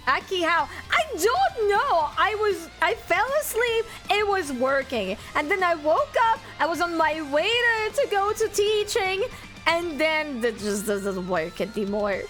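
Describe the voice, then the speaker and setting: A woman streamer, a native French speaker, chatting casually and reading her chat aloud, bubbly and excitable. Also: very high-pitched, takes it slowly, faint music behind. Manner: bubbly, excitable, squeals greetings to viewers.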